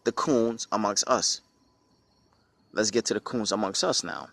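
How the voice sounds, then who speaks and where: A low-pitched man from the United States talks with force and feeling, hammering his points by repeating phrases and asking rhetorical questions. The sound is dry and close, with no room around it. He speaks to his listeners without a script. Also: a little slow, vocal fry, a bit bright, no echo. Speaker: speaker on a religious channel. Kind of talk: impassioned spoken commentary.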